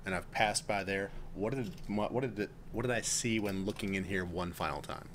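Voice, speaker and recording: A man playing a tabletop game, briskly calling out dice rolls. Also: on the low side, a little hiss or hum. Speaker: player.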